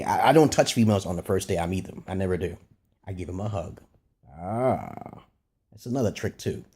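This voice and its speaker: A man giving blunt, profane dating advice in a casual vlog monologue, brash and animated. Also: husky. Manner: swings from loud and high to low and muttered. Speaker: self-styled dating advisor.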